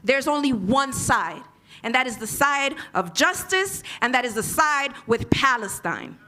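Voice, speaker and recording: High, bright-voiced woman giving a fiery speech. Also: animated, a little slow, a little hiss or hum. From United States. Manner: fiery, leads chanted call and response. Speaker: invited panel speaker and organizer. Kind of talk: impassioned political speech.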